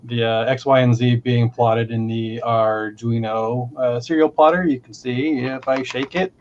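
A man gives a relaxed, playful walkthrough of a gadget demo. His audio comes through dull and lo-fi. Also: mid-range voice, a little slow, a little hiss or hum. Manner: easygoing, playful wording. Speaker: maker demoing sensors. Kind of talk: casual demo chat.

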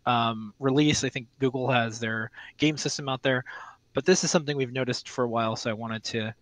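Casting: mid-pitched man, chatty co-host, dry close sound. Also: steady tone, fairly quick, a bit bright, no room sound, rough recording. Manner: chatty, rambling. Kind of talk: casual community news chat.

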